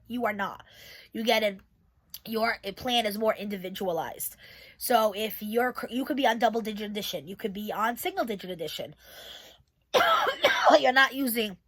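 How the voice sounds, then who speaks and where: A woman's voice: mid-range voice, normal speed, a bit bright. A woman who is a special education teacher, giving a casual, candid channel update and talking straight to her viewers. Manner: candid, rambling, talks to viewers directly.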